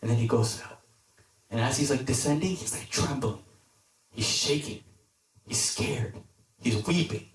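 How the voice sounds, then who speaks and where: A man's voice: medium pitch, a little slow, pauses often. Casual young man preaching in an echoey hall. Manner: conversational, lots of "like", animated when quoting characters. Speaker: deacon preacher at youth group. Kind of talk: casual youth sermon with storytelling. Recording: echoey hall, mic at a distance.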